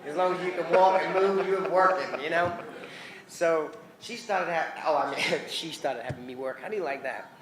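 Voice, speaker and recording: A man in his forties with a New Zealand accent, telling lively stories at a convention Q&A, acting out the voices of the people in his anecdotes and laughing often. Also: a little high, moderate pace, crowd noise. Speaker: convention guest. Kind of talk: animated storytelling Q&A. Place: convention hall. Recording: roomy convention hall.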